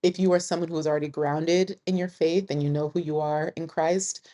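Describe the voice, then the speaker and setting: A woman with a low, deep-set voice chats to camera about her travels. She talks casually, laughing often and telling stories with a lot of energy. She sounds like a vlogger in her thirties. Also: a little fast. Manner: chatty, laughs often, animated storytelling.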